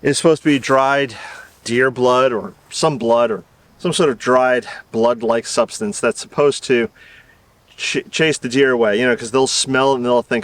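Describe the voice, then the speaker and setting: A man's voice: medium pitch, normal speed, no echo. A middle-aged man from the American South chats through his gardening video with a rambling, self-deprecating manner and chuckles. He is recorded outdoors in his garden. The camera mic sits a little away from him, so he sounds slightly distant. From Southern United States. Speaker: gardening channel host. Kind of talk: casual outdoor video talk.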